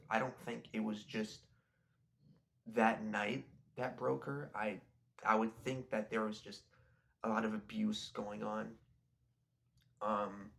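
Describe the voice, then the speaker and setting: A young man with a gravelly, creaky edge talks in a loose, rambling way about a movie. His pitch sits in an ordinary middle range. He keeps breaking off and restarting his sentences as his thoughts run on. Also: sharp tone. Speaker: video creator. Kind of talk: casual rambling movie review.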